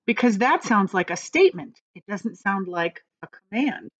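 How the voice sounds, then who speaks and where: Speaking at a moderate pace with barely a pause, a woman with a highish, sing-song voice teaches grammar to young children on video. Her tone climbs and dips constantly as she encourages them patiently, though the sound is somewhat muffled and lo-fi.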